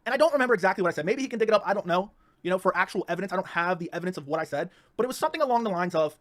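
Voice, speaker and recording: Male streamer, high-pitched and very fast, in a heated rant full of stumbling restarts. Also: expressive. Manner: rapid, repetitive, stumbling restarts. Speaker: livestream host.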